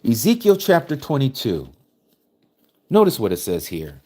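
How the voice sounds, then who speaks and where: A man delivers a scripture-study sermon in a preachy, emphatic way. His voice sits in a middle pitch and swings widely up and down as he drives his points home. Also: wildly swooping pitch, moderate pace, darkish tone. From United States. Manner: emphatic, preachy, reading verses aloud and commenting on them.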